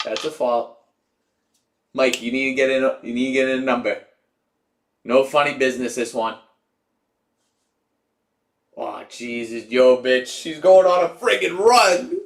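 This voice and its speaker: A man's voice: medium pitch, unhurried, pauses often. A young man hosting a live stream, chatting casually, cheering and teasing his viewers. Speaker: livestream host.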